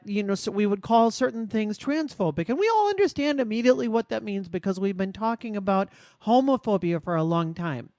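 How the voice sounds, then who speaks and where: A woman co-hosting a podcast, telling a personal story in a measured, reflective, earnest way. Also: mid-range voice, darkish tone, no room sound, clean studio sound. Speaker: podcast co-host. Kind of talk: casual podcast conversation.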